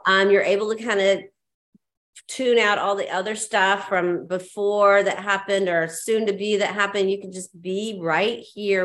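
A woman hosting an interview, chatting casually and responding in an affirming, encouraging way. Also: fairly low pitch. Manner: affirming and encouraging, quick to agree. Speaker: host.

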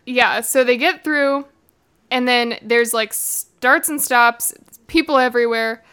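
A woman's voice: a little high, slow pace, fairly bright tone, smooth. A young woman co-hosting a casual chat, recapping a book with sarcastic, giggly storytelling. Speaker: podcast co-host.

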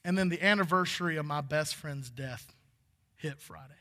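A man preaches from the pulpit in a loose, folksy way that rises into fervor. His voice sits high and rings bright and forceful. A long reverb trails his words through the church hall. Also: moderate pace. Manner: folksy, conversational preaching that builds to fervent. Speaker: pastor. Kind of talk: sermon. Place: church sanctuary.

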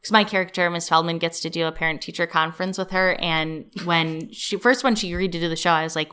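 A woman's voice: lowish voice, fast, hardly any pauses, pushed and bright. A woman from the American Midwest, a comedic actress, chatting as a guest in a casual interview and laughing often.

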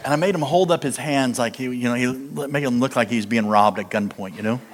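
A man's voice: mid-range voice, quick pace. A man preaching as guest speaker, telling a comic story with punchlines and acted-out quotes. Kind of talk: comedic sermon storytelling. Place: church hall, live audience. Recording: echoey hall, faint noise.

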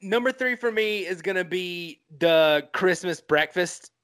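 A man with a high, bright, forceful voice talks about movies with a friend on a casual podcast. He swears freely and gets carried away with emotion as he talks, his enthusiasm spilling over. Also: unhurried, clear, resonant tone. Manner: animated, profane, swept up in emotion. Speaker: podcast co-host. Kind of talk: casual film-review chat.

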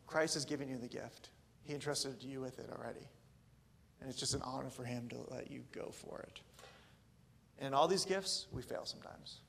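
Casual male pastor, thirties, gravelly, loose and joking sermon delivery. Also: medium pitch, a bit bright, a little hiss or hum.

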